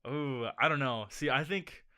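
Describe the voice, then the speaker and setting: A man with a bright, forceful voice co-hosts a loose podcast chat. He rambles and jokes, piling on fillers as he goes. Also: medium pitch, measured pace, clear, resonant tone. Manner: joking, rambling with many fillers. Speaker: podcast co-host. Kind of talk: casual chat.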